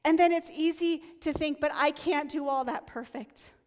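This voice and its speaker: A woman preaching a sermon, earnest and conversational, dropping to soft near-whispers on key lines. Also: high-pitched, moderate pace, in a large hall.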